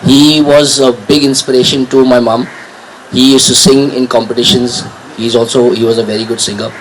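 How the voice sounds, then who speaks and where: A man hosts an award ceremony, speaking casually and haltingly to a crowd over a handheld microphone. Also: medium pitch, level tone, a little hiss or hum, poor audio. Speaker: ceremony host. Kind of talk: informal welcome speech.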